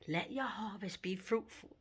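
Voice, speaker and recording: A woman voicing her elderly grandmother, speaking softly and reassuringly, sometimes almost in a whisper. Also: mid-range voice, unhurried, breathy edge. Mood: tender. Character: elderly grandmother, tender and steadying.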